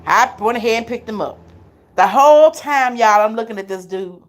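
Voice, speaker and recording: A woman's voice: on the high side, moderate pace. Chatty woman telling stories. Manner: animated, chatty, laughs often. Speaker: live stream host. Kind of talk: casual storytelling to viewers.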